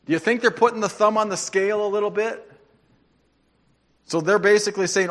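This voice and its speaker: A man's voice: high voice, normal speed, a bit bright. A man preaching a sermon, reading scripture aloud with playful, sarcastic asides. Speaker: pastor.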